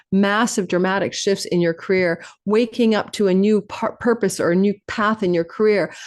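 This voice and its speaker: Fast-talking woman astrologer. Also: on the low side. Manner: rapid, animated, piles up lists of phrases. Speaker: astrologer host.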